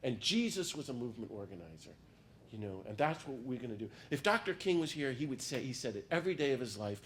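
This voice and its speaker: A man's voice: medium pitch, sing-song, fast talker, a little hiss or hum. A man, a priest, giving a passionate, emphatic talk to a gathering while speaking through a cold. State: has a cold. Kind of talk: public talk to a peace group.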